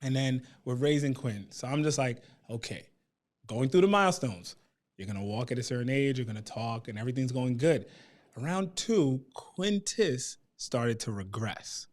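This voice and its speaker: Guy in his 30s telling his family story at a town hall, gets animated, does the voices of people he quotes. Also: medium pitch, normal speed. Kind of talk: personal storytelling.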